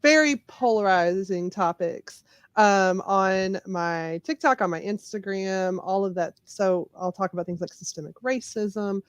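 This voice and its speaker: A woman's voice: medium pitch, measured pace, clean tone, dry recording. Outspoken Southern woman, dry close sound. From Memphis, USA. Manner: candid, outspoken, emphatic. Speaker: podcast guest, lawyer and comedian. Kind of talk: casual interview talk.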